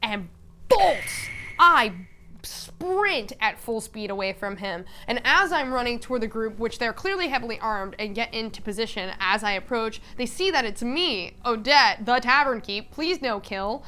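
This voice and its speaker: A woman vlogger retelling a live-action role-playing game in casual, animated storytelling. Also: on the high side, normal speed, clear, resonant tone.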